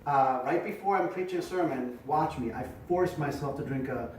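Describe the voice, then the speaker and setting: Chatty pastor in an echoey room. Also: male voice, on the high side, moderate pace. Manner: casual, chatty, demonstrates projecting from the diaphragm. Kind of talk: informal teaching talk to preachers. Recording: echoey room, mic at a distance, faint noise.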